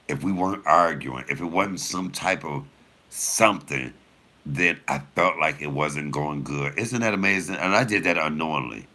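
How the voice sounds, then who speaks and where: A man, a comedian, telling profane stories casually and straight to his viewers with a laugh in his voice. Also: extremely low pitch. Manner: animated, profane, laughing storyteller; addresses viewers directly.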